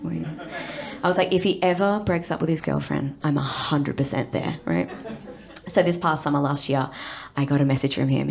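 A young Australian woman performing stand-up comedy, chatty and quick to act out lines, tagging jokes with "right?". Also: low-pitched, creaky, darkish tone. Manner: chatty, lots of "right?" tags, acts out lines.

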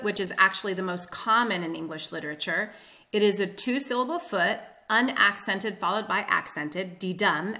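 A woman teaching literature in a clear, steady lesson, tapping out stresses with spoken beats. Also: mid-range voice. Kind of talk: explanatory lesson.

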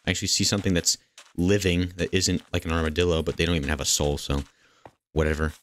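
A man giving casual, jokey commentary while playing a video game, with excitable outbursts and playful chatter aimed at the game's characters. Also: low voice, quick pace, a little hiss or hum. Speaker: gaming channel host.

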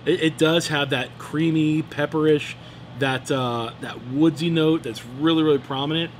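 A man's voice: fairly high pitch, fairly even intonation, moderate pace, a little hiss or hum. A middle-aged man hosting a cigar review, chatting in an enthusiastic, joking way. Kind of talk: casual chat. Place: room in Phoenix, Arizona.

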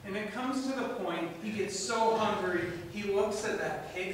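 A man's voice: high voice, a little slow, hardly any pauses, slight background noise. A man preaching a sermon in a church, telling a story with animation and asking the congregation questions. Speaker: pastor. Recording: echoey room from far off.

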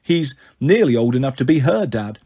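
A man's voice: mid-range voice, sing-song, normal speed, mellow, husky. A man reading a first-person novel aloud in a wry, sulky narrating manner. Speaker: audiobook reader.

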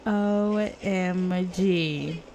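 A woman giving casual, profane commentary on her life-sim game, gasping and reacting loudly. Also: on the low side, fairly even intonation, drawn-out words. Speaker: let's play gamer.

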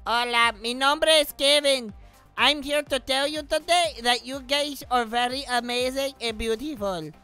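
A goofy, upbeat guy , put on by a woman, with a bright, smooth voice and over-the-top comic delivery. He speaks as a cartoonish sidekick cameo in a game video. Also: sits high, unhurried, faint music behind. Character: Kevin, goofy male character, upbeat.

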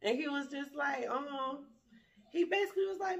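A woman's voice: high-pitched, normal speed, creaky, fairly bright tone, lo-fi sound. A woman vlogger telling a dating story to her viewers in a blunt, profane, laughing way.

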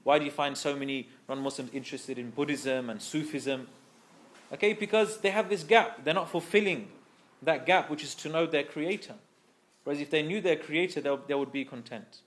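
A man's voice: on the high side, moderate pace, fairly bright tone. A man teaching a scripture class, explaining patiently, repeating key phrases, and carefully pronouncing Arabic terms. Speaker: Islamic teacher.

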